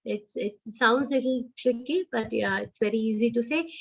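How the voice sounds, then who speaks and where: A woman with an Indian English accent teaching verse recitation, chanting each line slowly and then explaining the pronunciation quickly in a lower voice. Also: gravelly, slightly rough, lo-fi sound. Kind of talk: slow chanted recitation with spoken pronunciation notes. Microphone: online class audio.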